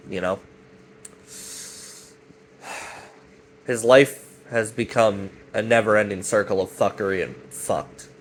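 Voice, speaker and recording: A man's voice: fairly low pitch, slight background noise. Brief: man, casual rambling recap, loose and profane, voices quotes now and then. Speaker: commentator recapping a web series.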